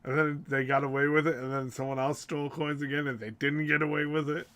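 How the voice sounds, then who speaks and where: A man's voice: fairly high pitch, level tone, quick pace, a bit bright. A man playing in a tabletop game, chatting playfully and trying out character voices. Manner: playful, tries out movie-character voices and laughs. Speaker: player. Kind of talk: casual tabletop game chat.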